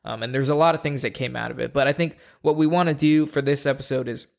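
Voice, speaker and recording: A man's voice: medium pitch, steady tone, fast talker, gravelly. A man co-hosting a casual podcast, speaking earnestly and often restarting his words. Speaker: podcast co-host.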